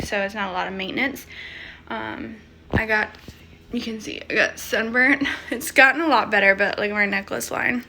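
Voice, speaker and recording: Bright-voiced chatty young woman vlogger. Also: mid-range voice, creaky. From Georgia, United States. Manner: chatty, many fillers and "like". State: out of breath. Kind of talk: casual chat. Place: at home.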